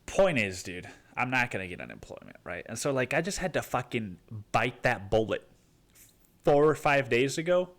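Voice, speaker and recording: A young man hosting his own podcast, rambling and swearing casually, saying "dude" constantly and jumping into mock voices. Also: normal speed. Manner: animated, jumps into high mock voices. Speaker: podcast host. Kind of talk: casual solo podcast monologue.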